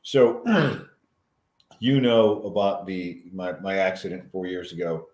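Low-voiced man, halting and reflective. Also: darkish tone, roomy sound. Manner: halting, reflective, frequent restarts and throat clearing. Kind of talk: casual chat.

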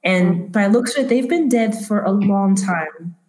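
A woman's voice: mid-range voice, darkish tone. A woman running a tabletop horror game as game master, narrating with many fillers and restarts and putting on short voices for the characters. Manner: halting, filler-heavy narration with acted voices. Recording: roomy echo.

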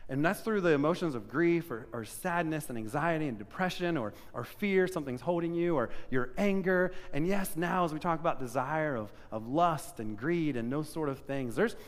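A male pastor giving a sermon to his congregation, telling lively personal stories with self-deprecating humor. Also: on the high side, moderate pace, hardly any pauses, big-room sound. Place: church sanctuary.

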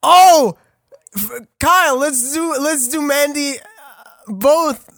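Giggly slow-talking man. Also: very high voice, fairly bright tone, no room sound. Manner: giggly, swears, stumbles over lines. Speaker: podcast co-host reading a chat log. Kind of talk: casual group banter.

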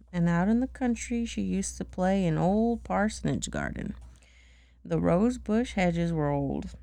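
A mother reading a bedtime story aloud to her child, gently and unhurried, with chatty asides. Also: on the low side, vocal fry, no room sound.

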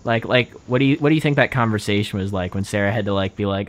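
A man's voice: on the low side, fast talker. A young man co-hosting a casual podcast chat, rambling with lots of fillers and frequent laughter. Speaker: podcast co-host.

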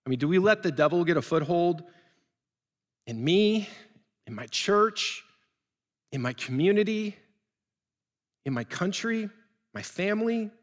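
A man's voice: high-pitched, animated, measured pace, pauses often. A male pastor preaching an earnest sermon to people watching at home, telling stories and building to fervent appeals. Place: church building. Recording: long reverb of a large church.

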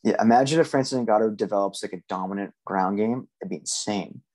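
A man with a fairly low voice talks through fight predictions on a casual podcast. He sounds measured and analytical, pausing on frequent ums as he weighs each side. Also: a little mellow. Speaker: podcast co-host.

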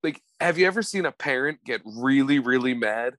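A young adult man co-hosts a podcast, trading funny stories in casual chat over crowd noise. His voice sits at medium pitch and moves at a moderate pace. He's an animated storyteller who laughs often and acts out the voices of people he quotes.

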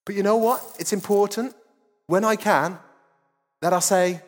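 Brief: male lead pastor, 30s, high voice, chatty joking sermon, long church-hall reverb. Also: a little slow, pauses often, faint music behind. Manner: conversational, joking, self-deprecating preaching. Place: church auditorium.

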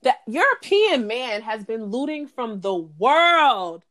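A woman's voice: on the high side, sing-song, slow, fairly bright tone. A woman co-hosting a podcast in casual chat, talking bluntly and heatedly with plenty of profanity. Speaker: podcast co-host.

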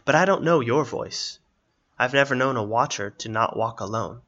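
A man voicing a blind, coughing old hermit with a raspy, muttering voice. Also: medium pitch, normal speed, a bit bright, highs cut off, close to an everyday voice. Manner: muttering, wheezy.

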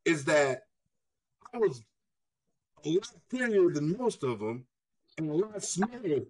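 Animated high-voiced man telling stories. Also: takes it slowly, husky, low-quality recording. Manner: animated, swings pitch up for quoted voices, swears freely. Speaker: podcast co-host. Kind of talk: casual storytelling chat.

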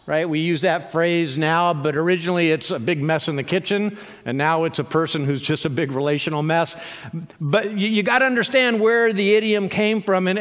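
A man's voice: high voice, fairly bright tone, in a large hall. A man preaching a sermon as pastor, conversational and with joking asides.

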